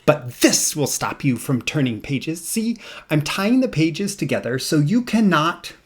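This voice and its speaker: A man's voice: very animated, exaggerated voice. Grover, a man doing a fretful furry monster. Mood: pleading. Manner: pleading, high and drawn-out, deliberately rough imitation. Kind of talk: reading a children's picture book aloud.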